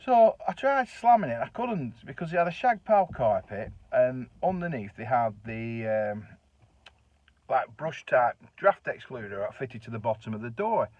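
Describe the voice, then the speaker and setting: A man's voice: medium pitch, very animated, normal speed, no room sound. A middle-aged man with a Northern English accent, telling a colloquial, chatty anecdote with the odd swear word. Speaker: storyteller. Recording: dull, dry lo-fi recording.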